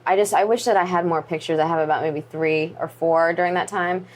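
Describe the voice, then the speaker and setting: A woman in her twenties, a wrestler as interview guest, telling a personal story in an earnest, halting way with frequent restarts, sounding subdued. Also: fairly low pitch, steady tone. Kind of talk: candid sit-down interview.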